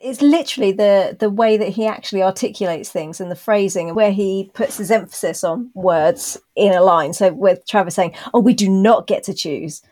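A woman co-hosting a casual podcast, at an ordinary middle pitch. She talks through her opinions at length and carefully, with a dry, self-deprecating wit running through it. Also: normal speed, hardly any pauses, a little mellow. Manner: thoughtful, explains her views at length. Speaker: podcast co-host. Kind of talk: casual chat reviewing a TV episode.

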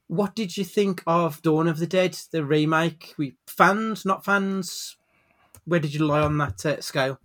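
A man hosting a podcast over webcam, with a slightly raised pitch. His chat is loose and jokey, with the odd swear word. He sets up his topics with a dramatic flourish. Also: fairly bright tone. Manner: jokey, swearing, dramatic build-up when introducing. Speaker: podcast host.

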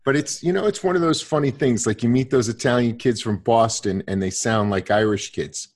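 A man's voice: mid-range voice, a little fast. A man in his sixties in casual conversation, rambling with many restarts and fillers.

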